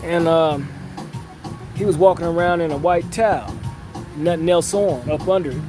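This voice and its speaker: Middle-aged man telling a long story in a slow, filler-heavy drawl, voice sitting a little high, music under him. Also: rough recording. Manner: unhurried storyteller with a drawl, many fillers and repetitions. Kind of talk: casual storytelling. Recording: music playing in the background.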